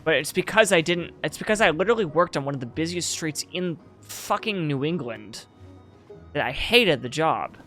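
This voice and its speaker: A man giving casual gameplay commentary as a streamer, excitable, swearing and riffing in mocking rants. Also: on the high side, moderate pace, soft background music.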